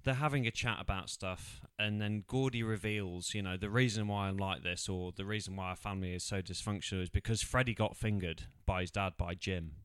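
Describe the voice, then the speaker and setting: A man's voice: low voice, fairly even intonation, a little fast, few pauses, clean tone, no room sound, studio quality. A man, co-hosting a podcast, who laughs, agrees and fills in plot details in casual chat. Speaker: podcast co-host. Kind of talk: casual chat recapping a film.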